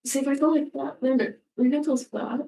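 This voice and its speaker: A woman's voice: high voice, fairly even intonation, fairly quick, vocal fry, dark tone. A woman in her sixties rambling casually at home in a goofy, self-mocking way, swearing freely and drifting now and then into whispers. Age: 60s. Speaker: vlogger. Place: home room.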